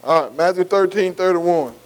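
A man's voice: high-pitched, moderate pace, rough recording. A man preaching a call-and-response sermon, asking "am I right?" again and again. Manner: repeats "am I right?" to the congregation.

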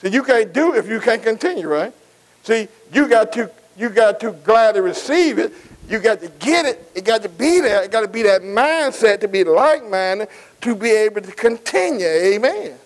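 A man's voice: high-pitched, lively intonation, moderate pace, low-quality recording. A man preaching a sermon, emphatic and repetitive, calling on his congregation to answer him. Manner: call-and-response, asking the congregation to answer.

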